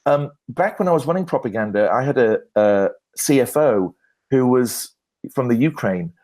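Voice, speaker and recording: A man, a branding expert guest at a conference Q&A, telling lively anecdotes with self-deprecating humor and frequent restarts. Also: mid-range voice, moderate pace. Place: conference stage.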